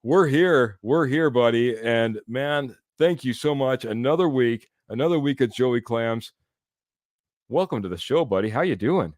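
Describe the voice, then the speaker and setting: A man's voice: mid-range voice, expressive, measured pace, darkish tone, no echo, studio quality. A man co-hosting a casual sports podcast, upbeat and chatty, tossing "man" into nearly every sentence. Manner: upbeat, says "man" a lot. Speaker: podcast co-host.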